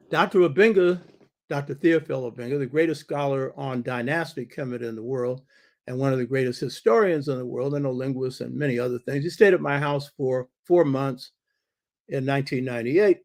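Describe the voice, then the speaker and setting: A man's voice: medium pitch, moderate pace. An older man hosting his own show, giving an emphatic monologue lecture from his home study and repeating key phrases for stress. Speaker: show host.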